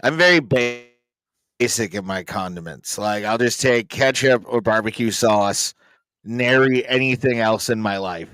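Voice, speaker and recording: A man's voice: medium pitch, unhurried, a bit bright. A man co-hosting a casual comedy podcast, trading dry wisecracks with swearing. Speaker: podcast co-host.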